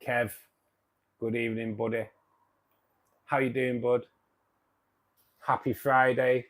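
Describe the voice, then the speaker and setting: A man's voice: medium pitch, flat delivery, slow pace. Chatty man hosting a live chat. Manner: chatty, friendly greetings, trails off quietly. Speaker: livestream host. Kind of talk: casual live chat reading viewer comments.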